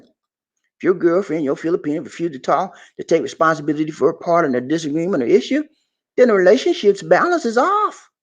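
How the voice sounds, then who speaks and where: A man giving relationship advice on a live stream, preachy and animated, speaking straight to his viewers and acting out quotes. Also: sits high. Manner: acts out quoted voices in his talk.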